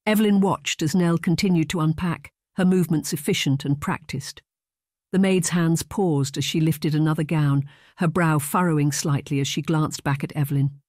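An audiobook narrator reading a romance novel in an even, measured scripted style. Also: mid-range voice, no echo, clean studio sound.

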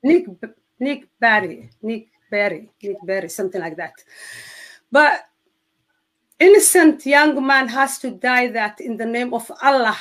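A middle-aged woman from Somalia, a Somali native speaker, tells her personal testimony with halting phrasing and many restarts. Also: on the high side, fairly bright tone. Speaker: guest telling her testimony.

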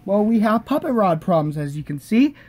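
A man's voice: high voice, big pitch swings, brisk, a little mellow. A young man co-hosting a puppet video, rambling offhandedly in casual chat.

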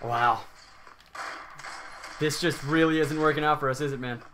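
A man co-hosting a let's play, chatting and reacting excitedly with lots of swearing. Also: fairly high pitch, normal speed, noisy background. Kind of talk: casual gaming commentary.

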